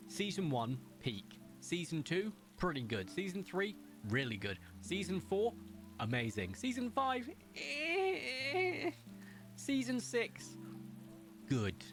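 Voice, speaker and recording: Chatty man streaming. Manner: chatty and excitable, sudden jumps up in pitch. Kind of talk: casual live-stream chat.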